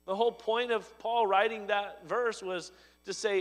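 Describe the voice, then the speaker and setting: A man preaching a sermon, his voice swelling to loud emphatic lines and dropping low and soft. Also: fairly even intonation, measured pace, in a large hall. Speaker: pastor.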